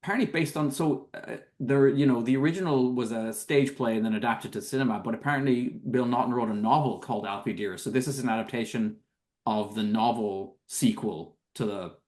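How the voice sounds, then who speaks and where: A man co-hosting a casual film podcast, sharing trivia in a halting way, full of ums. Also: medium pitch, darkish tone. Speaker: podcast co-host.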